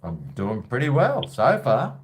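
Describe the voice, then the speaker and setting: A man's voice: medium pitch, huge pitch swings, measured pace, a little hiss or hum. An Australian man from Brisbane hosting a casual call-in show, with jokey, blokey banter. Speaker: host of a call-in livestream.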